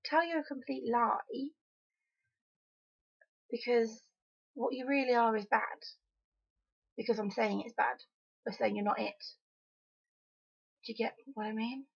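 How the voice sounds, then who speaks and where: A woman's voice: on the high side, fairly even intonation, measured pace, gravelly, long pauses, slightly rough, highs cut off. A young woman from Wales talking frankly and emphatically in a casual opinion vlog, often exasperated. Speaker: vlogger.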